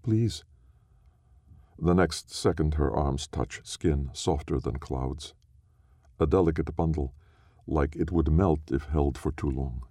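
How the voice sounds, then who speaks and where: A man reads a story aloud, slow, measured and solemn. His voice is very deep with a gravelly, dark edge. The recording is close and dry. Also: dry recording. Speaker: narrator. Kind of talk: scripted story narration.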